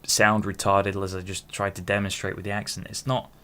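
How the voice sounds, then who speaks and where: A man's voice: deep voice, flat delivery, a little fast, a bit bright. A man in his twenties hosting a podcast, talking in a rambling, self-interrupting solo monologue with casual swearing. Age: 20s. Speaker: podcast host.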